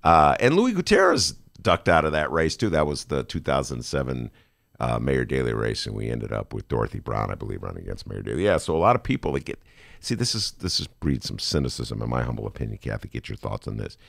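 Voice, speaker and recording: A man with a very low, gravelly voice hosts a relaxed studio talk show. His pitch swings widely as he chats and laughs easily. The room sounds dry and close. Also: fast, dry recording. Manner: loose, chatty, laughs easily, voice jumps up when amused. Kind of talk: casual studio chat.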